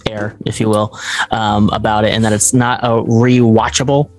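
A young man co-hosting a podcast, talking casually and jokingly, his voice jumping up when he gets excited. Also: normal speed, soft background music. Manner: animated, jokey, pitch jumps up when excited. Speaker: podcast co-host. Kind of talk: casual chat.

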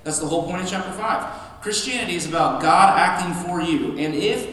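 A man preaches to his congregation in an emphatic, conversational style, circling back and restarting his thoughts as he goes. His slightly high voice is caught from across the room, so it rings with a long church echo, with faint room ambience beneath it. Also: a little fast, a bit bright, a little hiss or hum. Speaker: pastor. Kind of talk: sermon. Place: church sanctuary. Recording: echoey hall from a distant mic.

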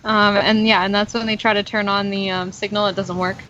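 A woman's voice: medium pitch, level tone, a little fast, fairly bright tone. A young woman hosting a podcast, recapping a TV episode in casual chat with lots of fillers. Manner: chatty, lots of "like" and "um". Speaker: podcast host. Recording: dull lo-fi sound with faint noise.

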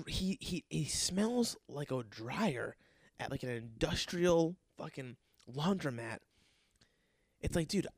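Exasperated young male bartender, profane casual rant, slightly high, very animated delivery. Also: no echo. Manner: exasperated, profane, rapid-fire ranting.

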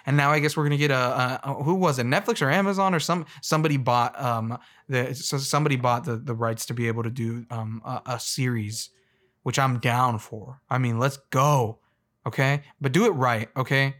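A man ranting in a casual, comedic way, rambling and excitable with frequent stumbles and restarts. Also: mid-range voice, normal speed.

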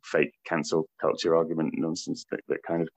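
A man's voice: rumbling low, little pitch movement, a little fast, creaky, darkish tone. A British man, a stage actor, chatting casually in an interview, rambling with many restarts and frequent laughter. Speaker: stage actor playing a comedian.

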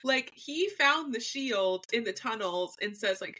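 A woman's voice: a little high, animated, a little slow, bright, forceful tone. A woman co-hosting a podcast, chatting casually about a reality show and mimicking what people said. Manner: chatty, quotes people in put-on voices, laughs. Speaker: podcast co-host. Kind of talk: casual recap chat.

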